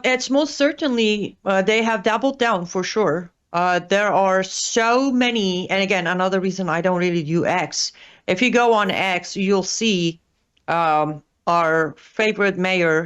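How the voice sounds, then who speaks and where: A woman's voice: lowish voice, a little slow, smooth. A woman commenting as a guest on a talk show, hesitant, with many fillers and restarts. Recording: dull lo-fi audio.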